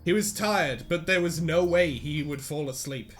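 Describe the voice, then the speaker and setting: A man's voice: a little high, moderate pace, soft background music. A man reading a story aloud to friends, breaking off for sarcastic jokes and laughing between lines. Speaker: reader and co-host.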